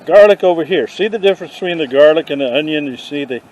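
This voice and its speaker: Man joking deadpan on a garden walk. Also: a little high, quick pace, rough recording. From not from the South. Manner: deadpan punning asides. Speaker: vlogger. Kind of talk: joking walk-through commentary. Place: outdoor garden. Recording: faint outdoor noise.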